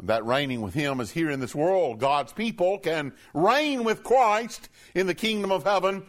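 A preacher man delivering an impassioned sermon. His voice sits high and leaps up and down across a wide range. He reads scripture slowly and dramatically, then drops low to drive a point home. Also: expressive, fairly bright tone. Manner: impassioned, rising and falling sharply for emphasis; reads scripture in a slow, declaiming voice.

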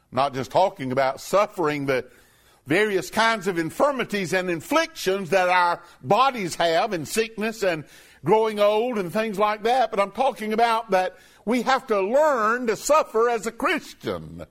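A man preaching a sermon, talking plainly to his congregation and reading scripture aloud slowly and emphatically. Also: sits high, sing-song, fairly bright tone. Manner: emphatic, reads scripture in a slow raised voice.

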